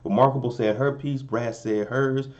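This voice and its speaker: A young man casually recapping a TV episode in a relaxed, joking way, often asking "you know what I'm saying". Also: medium pitch, normal speed, highs cut off. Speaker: recap vlogger.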